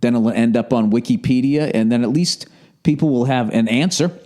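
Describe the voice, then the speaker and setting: A man's voice: mid-range voice, brisk, warm tone. A man talking in a rambling, profane monologue as a podcast host, his voice a little sore and a cough drop in his mouth.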